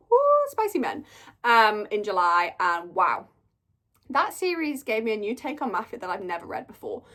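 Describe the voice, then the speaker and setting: A woman's voice: medium pitch, fairly bright tone. A young woman chatting casually through a monthly reading wrap-up, gushing and storytelling with lots of "like". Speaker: book reviewer.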